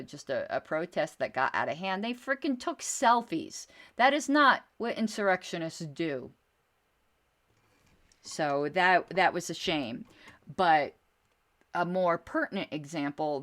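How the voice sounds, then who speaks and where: A woman's voice: low voice, fairly bright tone. Blunt, outspoken woman podcast host. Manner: outspoken, blunt, with mild swearing and frequent restarts. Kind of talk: casual political talk, answering viewer chat.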